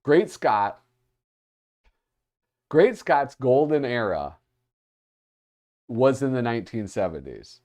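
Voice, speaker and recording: A man's voice: mid-range voice, big pitch swings, slow, pauses often, a little mellow. A man hosting a livestream, chatting casually as he flips through art. He gets distracted easily and reads out chat comments. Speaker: livestream host.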